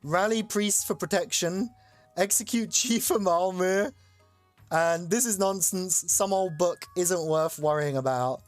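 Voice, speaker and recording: Hyped streamer running a chat game, swears a lot, some quiet music behind. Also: mid-range voice, unhurried. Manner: excitable, loose, swears casually. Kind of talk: casual live-stream chat.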